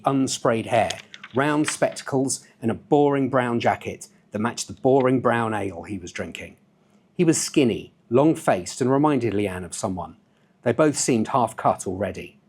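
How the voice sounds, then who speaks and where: A novelist reading his own novel aloud in a relaxed way, with offhand asides. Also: mid-range voice, moderate pace, a little hiss or hum.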